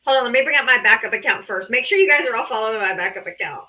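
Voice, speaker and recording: A woman's voice: on the high side, lively intonation, very fast, bright, forceful tone, dull audio. A woman hosting a live political debate stream, teasing her callers and laughing often. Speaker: livestream debate host. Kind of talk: casual livestream talk. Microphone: streaming setup.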